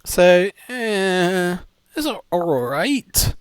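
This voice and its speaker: A man talks through a casual game buying guide with a fairly high, animated voice that jumps around a lot. He rambles and restarts, and his delivery is enthusiastic. The sound is dry and close. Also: drawn-out words, clean tone, dry recording. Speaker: gaming video host.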